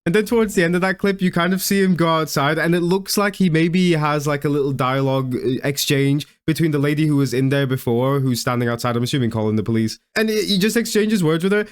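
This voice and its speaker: A man's voice: a little high, quick pace, few pauses, clean tone. A young man doing comedic reaction commentary, mocking and laughing often, with stammers and restarts. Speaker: video commentator.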